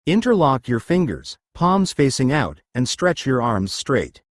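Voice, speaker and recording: In this guided session, a male instructor coaches listeners through stretching and breathing exercises, issuing commands one at a time. He speaks unhurriedly in a dry, husky voice with no surrounding room sound, his pitch moving up and down in an animated way.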